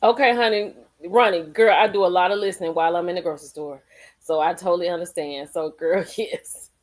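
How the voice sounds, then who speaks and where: A woman's voice: on the low side, fairly even intonation, fairly quick. A woman hosting a casual live stream, chatting with viewers, greeting them by name and laughing often. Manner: folksy, calls people girl and honey.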